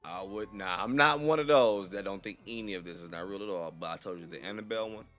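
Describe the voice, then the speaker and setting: A young adult man hosting a reaction video, talking in a rambling, animated way full of profane slang. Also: lowish voice, quick pace, over loud music. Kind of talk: casual reaction chat.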